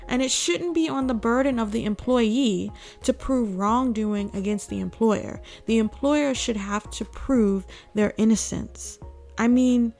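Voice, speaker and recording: A woman's voice: a little high, vocal fry. A woman hosting a casual political commentary, outspoken and emphatic, breaking into laughing asides.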